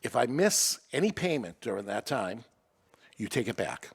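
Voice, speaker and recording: A man's voice: mid-range voice, normal speed, gravelly, breathy edge. A man in his sixties from Massachusetts, a business owner telling a story on a podcast and acting out the dialogue. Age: 60s. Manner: animated, acts out dialogue. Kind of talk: casual storytelling.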